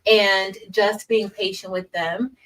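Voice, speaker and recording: Woman, teacher, livestream host, casual chat, says y'all, middle pitch, a bit off-mic. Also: fairly even intonation, slow, fairly bright tone, far from the mic, rough recording. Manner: chatty, addresses viewers as y'all, reads chat aloud.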